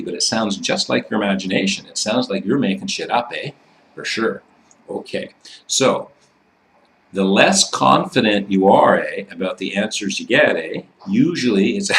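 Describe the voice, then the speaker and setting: A man with a fairly low voice explains a method in plain, conversational terms. He talks loosely and swears without fuss, often ending a thought with "eh". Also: a bit bright. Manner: loose and profane, tags sentences with "eh". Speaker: instructor. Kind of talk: casual instructional talk.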